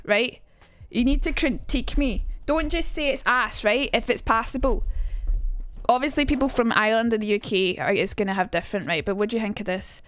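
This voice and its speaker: A woman's voice: a little high, fairly bright tone, dry recording. A woman streamer chatting casually and rambling as she reacts to her chat during a live stream, speaking into a streaming mic.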